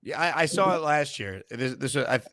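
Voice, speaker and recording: A man hosting a sports call-in show, chatting casually with callers and laying out measured, reasoned opinions. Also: mid-range voice, lively intonation, a bit bright, dry recording. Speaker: sports talk show host.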